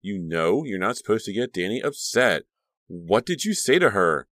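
A man's voice: on the low side, sing-song, normal speed, fairly bright tone, no echo, clean studio sound, pitched above the performer's own voice. A man voicing a caring, worried teenage girl in an audiobook, speaking in a raised, anxious register. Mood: concerned.

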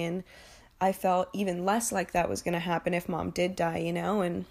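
A young woman telling a painful personal story in a candid, emotional way, swearing freely and often halting and restarting. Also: fairly low pitch, flat delivery, darkish tone.

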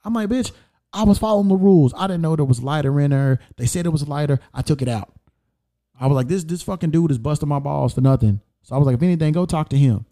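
A man recounting a run-in in loose, profanity-laced storytelling. His voice sits a bit high yet sounds dark and mellow. He slips into the quoted lines with heat and keeps the telling animated. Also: quick pace. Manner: heated, profane, animated retelling with quoted dialogue.

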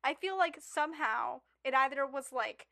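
A woman's voice: high voice, moderate pace, creaky, bright, forceful tone, no room sound, clean studio sound. A woman co-hosting a podcast in a casual chat, bubbly and full of "like" fillers. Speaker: podcast co-host. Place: podcast studio.

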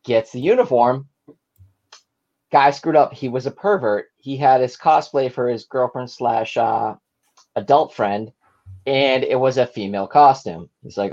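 A man's voice: mid-range voice, unhurried, a little mellow, highs cut off. Tipsy man rambling through plot summaries. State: a little tipsy. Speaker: podcast co-host. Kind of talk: casual podcast chat.

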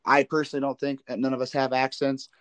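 A podcast host from the Midwest asks winding questions, doubling back on his words as he goes. His voice sits at an average pitch. The sound is dry and close. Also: level tone, fast, no echo. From American Midwest. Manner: rambling, repeats words while asking questions. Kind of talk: casual interview questions.

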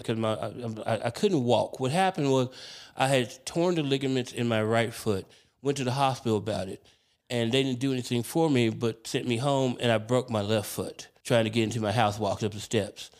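A man, a comedian, telling hospital stories on a podcast in an animated, candid, profane way. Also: mid-range voice. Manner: animated, profane, self-deprecating. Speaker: comedian guest. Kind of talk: casual podcast storytelling.

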